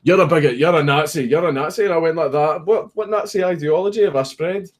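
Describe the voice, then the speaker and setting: A man's voice: fairly high pitch, fast talker. A young Scottish man, a streamer, casually telling a story with lots of swearing and laughing at his own punchlines.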